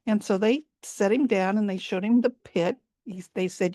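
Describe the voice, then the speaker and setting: A woman's voice: mid-range voice, normal speed, few pauses, mellow, dry recording, studio quality. A woman storyteller telling a folk tale live over a video call, repeating words for emphasis and dwelling on sensory detail.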